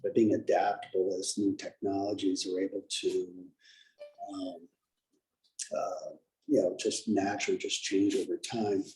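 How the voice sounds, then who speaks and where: Conference speaker, man, deep voice, hesitant with fillers. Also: flat delivery, measured pace, a little mellow, poor audio. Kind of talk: presentation talk.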